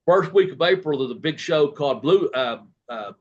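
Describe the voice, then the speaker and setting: A man's voice: fairly high pitch, animated, normal speed, lo-fi sound. A man, a guest telling long, rambling stories full of quoted dialogue and fillers in a casual interview. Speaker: guest, retired professional wrestler.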